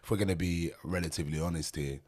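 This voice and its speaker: A man's voice: low-pitched, fast talker, a little mellow. A man in his thirties from North London with a London accent, a podcast guest speaking emphatically and casually, peppering his talk with street slang. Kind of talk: casual conversation.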